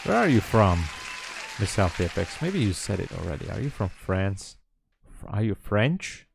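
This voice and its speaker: A man's voice: fairly low pitch, very animated, moderate pace, creaky, a faint crowd, slight background noise. A man hosting a live trading stream, chatting casually and hesitantly with viewers in a rambling way. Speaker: livestream trading host.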